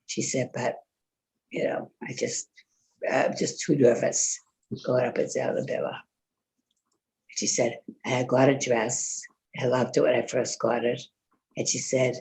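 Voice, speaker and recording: Extremely low-pitched with vocal fry and a slightly mellow quality, an older woman talks casually with other congregants. Her story rambles, full of filler words and quoted speech.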